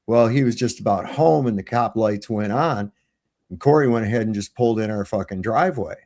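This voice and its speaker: A man's voice: lowish voice, fairly quick, a little mellow. A middle-aged man telling a rambling, profanity-laced story as a guest on a livestream panel, over a remote call.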